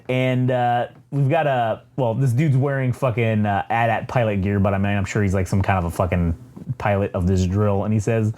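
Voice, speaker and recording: Profane, laughing comic podcast host. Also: male voice, mid-range voice, normal speed, darkish tone. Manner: profane, laughing, rambling recap. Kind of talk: casual chat.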